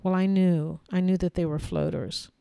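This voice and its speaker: A woman hosting a podcast, telling a personal story in a measured way, pausing often and repeating phrases for emphasis. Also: fairly low pitch, fairly even intonation, mellow, smooth, dry recording. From United States. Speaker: podcast host.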